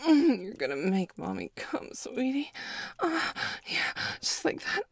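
A breathy, husky-toned possessive woman, voiced by a woman in an adult audio role-play, with a higher-than-average voice that swoops widely. She talks slowly, half-moaning and dipping into whispers. The sound is dry and close, with no room around it. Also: very animated, no echo, full character voice.

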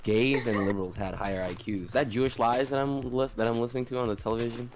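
A man's voice: mid-range voice, steady tone, quick pace, music in the background. A man streaming with friends, chatting casually with crude, sardonic teasing.

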